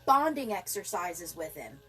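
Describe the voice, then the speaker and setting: A woman co-hosting a casual chat, telling stories in a chatty, animated way. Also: lowish voice, a little slow, soft background music. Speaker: podcast co-host.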